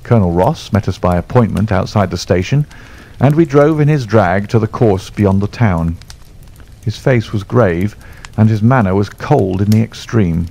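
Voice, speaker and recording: A man reading a classic story aloud as an audiobook narrator, in an expressive, measured manner. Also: on the low side, creaky. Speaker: audiobook reader.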